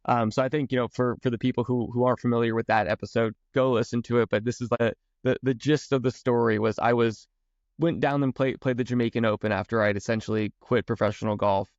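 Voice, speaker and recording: A man's voice: mid-range voice, steady tone, quick pace, dry recording, muffled recording. A man hosting a golf podcast, telling stories with enthusiasm and stumbling over repeated words. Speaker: podcast host and golf coach. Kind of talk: casual podcast conversation.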